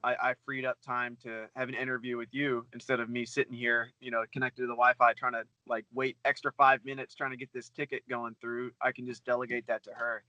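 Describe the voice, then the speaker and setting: Bright-voiced man in casual chat. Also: medium pitch, little pitch movement, rough recording. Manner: fast, loose, swears freely, many fillers. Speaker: guest, book reseller.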